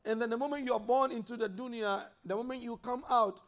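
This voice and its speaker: Brief: male preacher with a high-pitched voice, mosque sermon, builds emphasis and recites Arabic. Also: fairly even intonation, fairly quick. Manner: preaches with rising emphasis and quoted Arabic verses. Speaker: imam.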